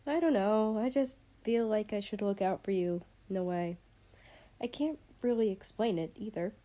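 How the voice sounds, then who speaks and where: A woman's voice: mid-range voice, normal speed, mellow, close to an everyday voice. A woman voicing a bubbly, teasing young girl in a read-aloud story. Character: bubbly teenage girl, cheerful and pushy.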